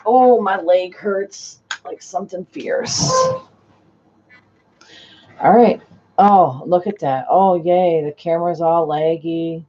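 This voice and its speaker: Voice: mid-range voice, slow, warm tone, a little hiss or hum. Rambling lo-fi sewing-stream host. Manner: rambling, trails off and restarts mid-sentence. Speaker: sewing vlogger on a live stream. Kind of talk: casual live-stream chat while sewing. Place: home sewing space. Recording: dull lo-fi live-stream audio.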